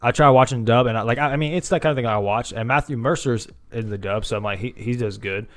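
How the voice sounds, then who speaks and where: A man's voice: mid-range voice, quick pace. A young man chatting casually as a podcast co-host, laid-back and full of "like" and "bro.". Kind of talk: casual chat.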